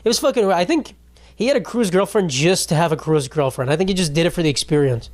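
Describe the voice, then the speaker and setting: A man's voice: on the high side, animated, fast talker. Rambling, profane young man podcasting. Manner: rambling, profane, self-mocking. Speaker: podcast host. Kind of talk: casual solo podcast chat.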